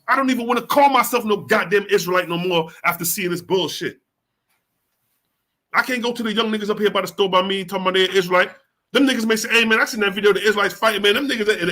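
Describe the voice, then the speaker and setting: Guy ranting and preaching over a clip, high voice, swears a lot, keeps asking who's ruling who. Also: bright, forceful tone. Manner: heated, rhetorical questions, heavy profanity. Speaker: host reacting to a video. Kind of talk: profane street-preaching commentary.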